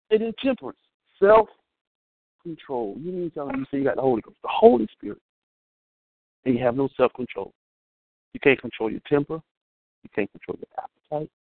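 A man preaching a sermon in an animated, humorous way, calling out to his congregation. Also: on the high side, creaky, no echo. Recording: thin phone-like sound, dry.

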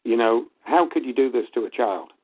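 A man's voice: mid-range voice, animated, a little fast. Male caller, earnest, indignant, repeats himself, tinny phone line. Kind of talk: phone-in conversation.

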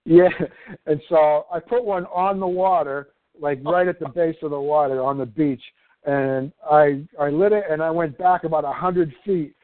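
A man telling a story in casual chat, halting and repeating himself. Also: on the high side, no echo. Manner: halting and repetitive, with laughing asides. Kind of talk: casual storytelling among friends. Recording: tinny, dry phone-like audio.

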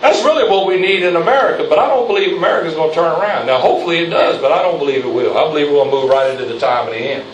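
A man's voice: a little high, rapid-fire, hardly any pauses, far from the mic, slight background noise. A man preaching a fiery sermon as pastor, rising in intensity and calling on the congregation for amens. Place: church sanctuary. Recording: echoey church, mic from afar.

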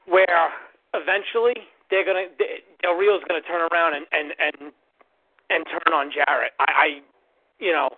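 A podcast host talks in a blunt, swearing, opinionated way at a medium pitch. The sound is thin and tinny, like a phone line. It is a loose, casual chat. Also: fairly even intonation, moderate pace, breathy edge.

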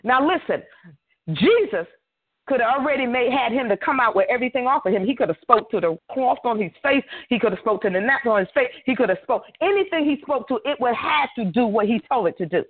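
A woman preaching a fervent sermon, reading scripture slowly and calling out hallelujahs. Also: on the high side, lively intonation, breathy edge. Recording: tinny phone line.

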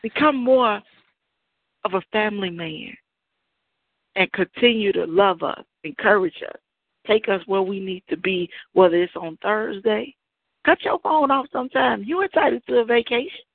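A woman's voice: medium pitch, lively intonation, measured pace, vocal fry. Emphatic woman caller on the phone. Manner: emphatic, preachy. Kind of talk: encouraging call-in testimony. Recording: dry, tinny phone line.

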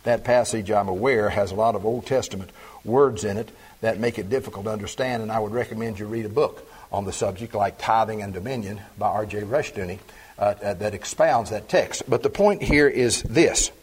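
Husky-voiced preacher man. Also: fairly low pitch. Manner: reads scripture aloud, then expounds with slow emphatic stresses. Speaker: pastor. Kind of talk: sermon.

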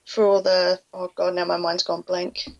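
A woman from New Zealand with a Kiwi accent, a podcast guest chatting in a relaxed, slightly hesitant way. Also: fairly low pitch, moderate pace, lo-fi sound. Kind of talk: casual chat.

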